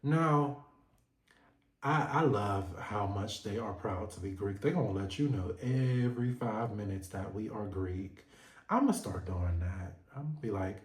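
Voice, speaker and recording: A man's voice: medium pitch, measured pace. Sassy man recapping in an echoey room. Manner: sassy, animated, playful. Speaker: reality TV recap vlogger. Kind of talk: casual gossipy recap.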